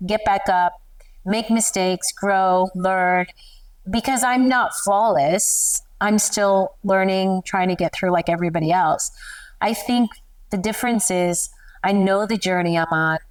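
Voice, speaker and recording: A middle-aged woman, a photographer guest, telling personal stories in an animated, emotional way and laughing often. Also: medium pitch, recorded from a distance. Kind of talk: candid interview storytelling.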